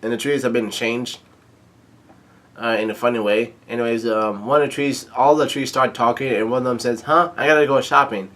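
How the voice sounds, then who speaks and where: A man's voice: mid-range voice, fairly even intonation, moderate pace. Man casually reading out a comic. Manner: hesitant, many ums and restarts. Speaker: manga reader-reviewer. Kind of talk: casual read-aloud recap.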